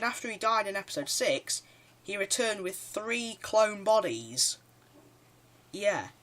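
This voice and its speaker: A man's voice: a little high, pushed and bright. Eager man rambling through a countdown. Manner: rambling and eager, with frequent "yeah" and restarts. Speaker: video creator. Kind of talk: casual countdown commentary.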